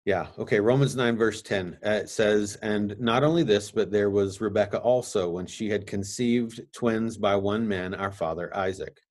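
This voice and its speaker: A man hosting a podcast, reading scripture aloud and explaining it in a casual, halting way with asides. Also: fairly low pitch, darkish tone. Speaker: podcast host. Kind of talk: casual Bible teaching.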